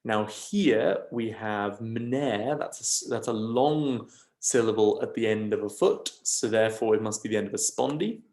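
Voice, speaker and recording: In a recorded video lesson on scanning verse, a man with a lowish, darkish voice explains things step by step at a moderate pace. He is patient, says "um" frequently, and asks checking questions, with reverberant sound.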